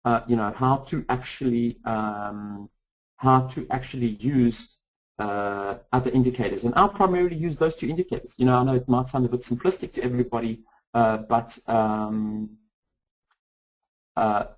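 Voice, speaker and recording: A man walks through charts in a live trading webinar, talking fast and stumbling through restarts and fillers. His voice sits at an ordinary middle pitch. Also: low-quality recording. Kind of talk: live webinar screen-share walkthrough.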